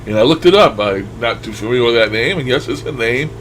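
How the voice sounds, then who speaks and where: Playing back recordings during a paranormal radio session, an older male host offers casual commentary, thinking aloud and trailing off with chuckles. He sounds animated and fast at medium pitch with a fairly bright tone, on a low-quality recording with slight background noise.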